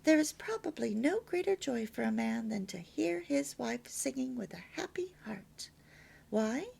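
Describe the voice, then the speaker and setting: A woman's voice: a little high, sing-song, measured pace, creaky, darkish tone, husky. A woman reading a homemaking lesson aloud as a story, lilting and emphatic with near-whispered asides. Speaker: reader of a homemaking course.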